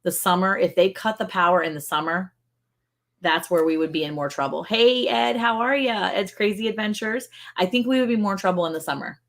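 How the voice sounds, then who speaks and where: A middle-aged woman with a Texan accent, co-hosting a casual livestream and telling a funny story. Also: a little fast. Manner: animated, acts out quotes in high voices. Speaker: livestream co-host.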